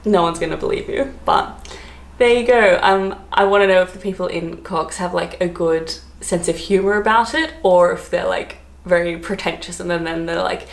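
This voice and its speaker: A woman's voice: on the low side, moderate pace, creaky. A woman with an Australian accent chatting to camera as a travel vlogger, giggly and full of "like" fillers. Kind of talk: casual chat to camera. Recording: roomy echo.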